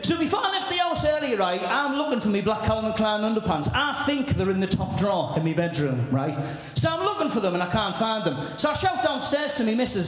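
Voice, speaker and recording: A brash comedian working a live crowd, swearing and shouting his punchlines. His voice runs very high and lively. The sound booms around a very echoey venue. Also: fairly quick, hardly any pauses. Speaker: stand-up comedian. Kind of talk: stand-up comedy routine.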